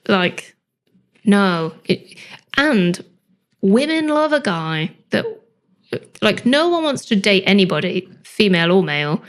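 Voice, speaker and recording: A woman's voice: medium pitch, lively intonation, measured pace. A woman, a singer and vocal coach, making her case earnestly in a podcast chat. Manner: earnest, persuasive, questioning.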